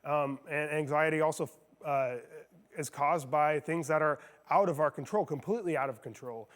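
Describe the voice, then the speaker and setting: A man's voice: fairly high pitch, moderate pace. A man giving a casual youth talk, telling stories with frequent fillers and restarts. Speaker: youth speaker. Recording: long reverb of a hall.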